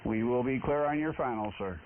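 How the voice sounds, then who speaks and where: A man's voice: medium pitch, brisk, over a noisy crowd. A man from the Chicago area making a friendly, polite check-in on ham radio, with many uhs. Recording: tinny shortwave radio with loud static.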